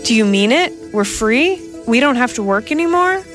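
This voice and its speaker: A woman's voice: on the high side, expressive, moderate pace, faint music behind, voice pushed up, natural voice. A woman reading a dull, simple-minded male dishwasher robot asking plain questions. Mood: eager.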